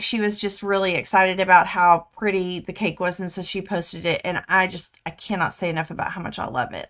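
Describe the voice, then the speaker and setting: An older woman hosts a casual livestream, talking to viewers through her webcam. Her voice is bright and forward, and she chats in an excitable, easily amused way. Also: medium pitch. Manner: chatty, excitable, laughs easily. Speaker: quilting livestream host. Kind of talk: casual chat to live viewers.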